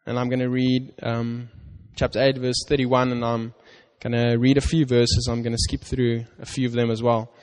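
A man preaching a sermon, reading scripture slowly and earnestly with stress on "you", often restarting his words. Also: medium pitch, level tone, a little mellow, clean tone. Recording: long hall reverb.

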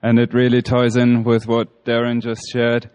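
A man's voice: mid-range voice, completely flat delivery, normal speed, a little mellow, clear, resonant tone. A man giving a short, hesitant talk at a church service, with fillers and restarts. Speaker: church speaker.

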